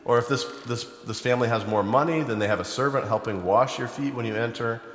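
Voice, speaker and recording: A man preaching a sermon, retelling a Bible story in a conversational storytelling way and turning animated when he acts out the people in it. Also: medium pitch, quick pace. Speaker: pastor. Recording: echoey hall, long reverb.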